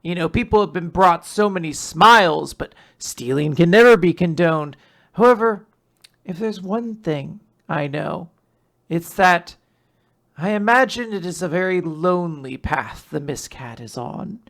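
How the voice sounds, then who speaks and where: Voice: medium pitch, animated, measured pace, fairly bright tone. A host playing a corny earnest male detective.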